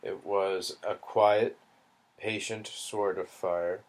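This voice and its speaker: A man reading a novel aloud, unhurried and deliberate. His voice sits fairly low, and he lets each phrase land before moving on. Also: fairly even intonation. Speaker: audiobook reader.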